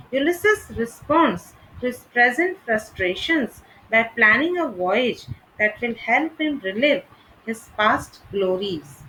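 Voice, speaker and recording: A woman reading a scripted literature lesson in a measured, deliberate way. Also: fairly high pitch, a bit bright, a little hiss or hum, poor audio. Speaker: literature teacher.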